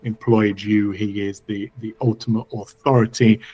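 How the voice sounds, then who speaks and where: A man narrating as game master of a tabletop role-playing game, measured and descriptive. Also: on the low side, flat delivery, dark tone.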